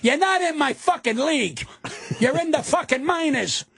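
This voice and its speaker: Older man, comedian, indignant profane rant, high voice, very lively pitch. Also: normal speed, vocal fry, no echo, studio quality. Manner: loud, profane, indignant ranting. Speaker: comedian, radio guest. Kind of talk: ranting radio talk. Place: radio studio.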